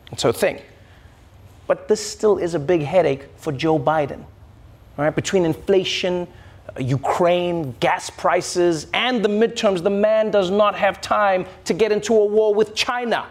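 A man delivering a comedy monologue as host, animated and mocking, slipping into shrill impressions. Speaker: late-night comedy host. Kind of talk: stand-up style monologue.

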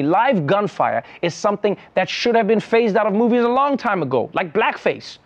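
A man's voice: high-pitched, big pitch swings, normal speed, muffled recording. A man hosting a comedy show, delivering a sarcastic, incredulous satirical monologue.

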